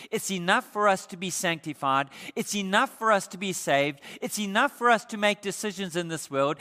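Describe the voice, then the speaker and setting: A male pastor preaching an emphatic sermon, slowing down to stress key points. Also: fairly high pitch, bright, forceful tone. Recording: echoey hall.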